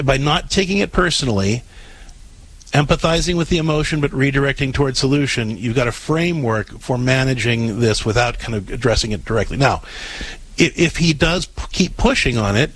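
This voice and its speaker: A man's voice: mid-range voice, fairly bright tone, husky, no echo, low-quality recording. A man hosting a call-in advice show, coaching a caller in a direct, explaining way with frequent restarts. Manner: coaching, direct, repeats himself while explaining. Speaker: radio advice host.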